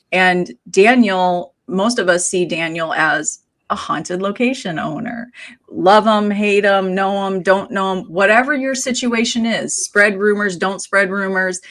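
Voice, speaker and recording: A woman's voice: medium pitch, measured pace, fairly bright tone. A woman on a podcast making a reflective, persuasive point and often asking "right?". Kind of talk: casual podcast chat.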